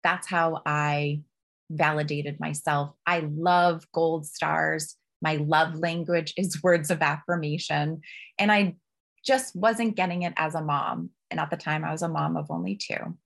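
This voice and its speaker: A woman, a guest on a podcast, telling personal stories in an open, emotional and expressive way. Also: sits low, a little slow, gravelly. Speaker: podcast guest, business coach. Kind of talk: candid personal storytelling.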